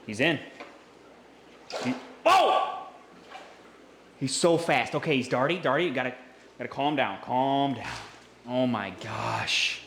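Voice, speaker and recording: An excitable man giving hands-on vlog commentary beside a big fish tank, exclaiming and repeating himself as he talks to his viewers. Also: mid-range voice, moderate pace, gravelly, reverberant, a little hiss or hum. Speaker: fish-keeping vlogger. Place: indoors by a large fish tank. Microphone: camera mic, handheld.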